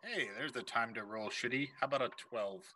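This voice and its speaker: A man playing a tabletop game, low-key and offhand. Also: fairly quick, pushed and bright, a little hiss or hum, low-quality recording. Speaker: player. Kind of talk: casual tabletop game play.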